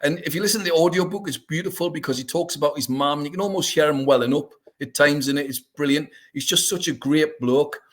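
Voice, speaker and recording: A man's voice: a little high, quick pace, few pauses, fairly bright tone. A man, hosting a podcast and telling anecdotes with enthusiasm. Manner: enthusiastic, anecdotal, laughs often. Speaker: podcast host. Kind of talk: casual chat.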